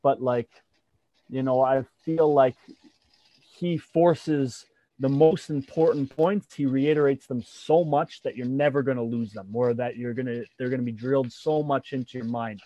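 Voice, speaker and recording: A man's voice: medium pitch, fairly even intonation, warm tone, no room sound. A man who competes in and teaches jiu-jitsu talks loosely, stopping and restarting with plenty of fillers. His voice comes through dull and muffled, and the room sounds dry and close. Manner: halting, with many fillers and restarts. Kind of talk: casual interview talk.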